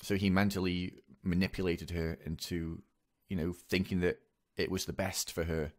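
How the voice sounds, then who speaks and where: A young man speaking in a hesitant, halting way, with many pauses and restarts, in a personal confessional monologue. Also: deep voice, level tone. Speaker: vlogger.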